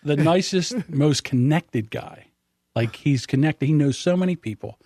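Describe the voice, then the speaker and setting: Animated middle-aged male podcast host. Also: a little high, unhurried, dry recording, studio quality. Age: 50s. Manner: animated storyteller, acts out others' lines. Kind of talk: casual podcast chat.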